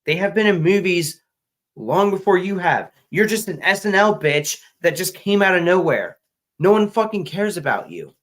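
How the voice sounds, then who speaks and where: A man's voice: sits high, sing-song, moderate pace, fairly bright tone, poor audio. A man co-hosting a casual commentary show, ranting in an exasperated, profane way with many restarts. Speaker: podcast co-host.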